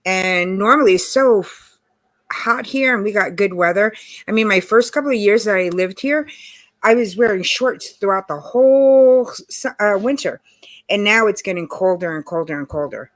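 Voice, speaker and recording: A woman hosting a casual livestream, chatty and greeting viewers by name, her voice hoarse from allergies. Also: medium pitch, expressive, normal speed. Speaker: livestream host. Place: home in Texas.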